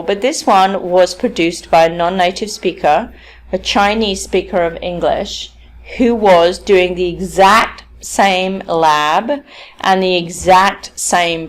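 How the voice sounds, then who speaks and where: A woman with a medium-pitched voice gives a recorded university-level lecture. She explains points step by step, checks in with "okay?", and demonstrates stress and intonation on example sentences.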